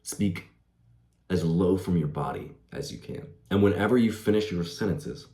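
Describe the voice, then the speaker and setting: Young male vlogger, low mellow voice, laid-back "bro" delivery, echoey room. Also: fairly quick. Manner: laid-back, says "bro" and "like", laughs easily. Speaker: self-improvement vlogger. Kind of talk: casual advice monologue. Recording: roomy echo.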